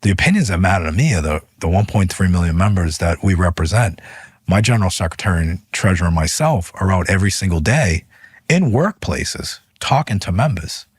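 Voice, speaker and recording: Man, union leader guest, very low husky voice, animated storytelling. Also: fairly quick, no room sound, studio quality. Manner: animated, voice rises when retelling arguments. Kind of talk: interview storytelling.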